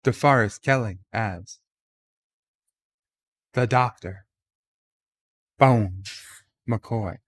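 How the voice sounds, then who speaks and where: A man doing a comedic impression of a halting, grandiose male starship captain, with dramatic pauses between words. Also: on the low side, dry recording.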